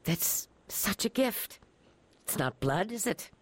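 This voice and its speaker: A woman's voice: mid-range voice, expressive, slow, breathy edge. A woman, a radio interview guest, telling her stories in a dramatic, emphatic and emotional way. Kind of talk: expressive storytelling.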